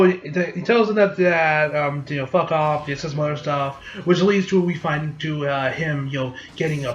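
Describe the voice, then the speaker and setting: Rambling high-voiced male anime reviewer. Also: reverberant, lo-fi sound, a little hiss or hum. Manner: rambling, profane, acts out quotes in animated voices. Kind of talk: casual episode recap review.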